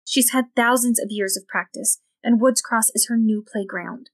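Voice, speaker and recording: A woman voicing a grave older woman who was once possessed, speaking in slow, grim warnings. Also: a little high, dry recording, natural voice.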